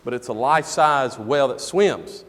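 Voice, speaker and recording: A middle-aged man preaching a sermon in a church, telling a personal story with animated energy and loud bursts in the quoted moments. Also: medium pitch, unhurried, in a large hall. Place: church sanctuary.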